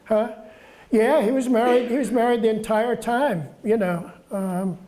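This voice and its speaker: Soft-voiced man in his seventies, guest author, halting speech with repeated words and chuckles. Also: very high-pitched, steady tone. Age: 70s. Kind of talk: casual storytelling talk.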